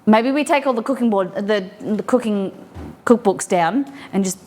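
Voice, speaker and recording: A woman's voice: medium pitch, normal speed, a little mellow, a little hiss or hum. Chatty woman cooking live at home. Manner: chatty, playful, giggly asides. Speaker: cooking streamer. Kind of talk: casual live-stream cooking chat. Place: home kitchen.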